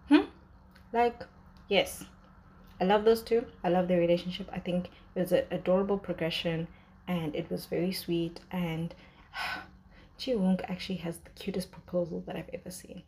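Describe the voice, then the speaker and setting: Emotional woman reviewing a drama, lowish voice. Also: normal speed, darkish tone, a little hiss or hum. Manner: emotional, talkative, many fillers and restarts. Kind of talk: casual commentary.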